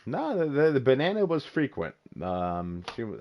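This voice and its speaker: A man hosting a casual podcast chat, excitable and teasing, swearing freely. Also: mid-range voice, normal speed, hardly any pauses. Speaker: podcast host. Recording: dull lo-fi voice chat.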